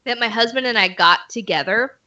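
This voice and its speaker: Bright-voiced tipsy woman on a video call. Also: fairly high pitch, a little fast. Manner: candid, swearing, tipsy and giggly. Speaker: guest. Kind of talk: casual chat over video call. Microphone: video call mic. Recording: muffled lo-fi stream audio.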